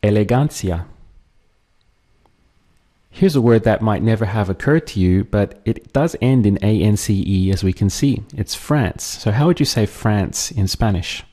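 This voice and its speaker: A man teaching a language lesson, patiently drilling words and pausing for the listener to repeat them. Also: fairly low pitch, animated, mellow. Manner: slow, patient, drills words and pauses for repetition.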